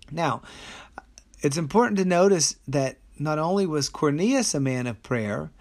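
A man who is a pastor, leading a daily Bible study: he reads scripture aloud in a steady voice and slows down to explain it. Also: on the high side. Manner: steady reading with slow, deliberate commentary.

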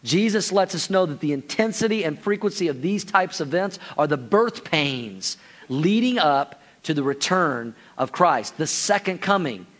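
High-voiced man preaching a sermon. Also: lively intonation, normal speed, a bit bright. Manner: addresses the congregation directly, acts out listeners' reactions. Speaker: pastor.

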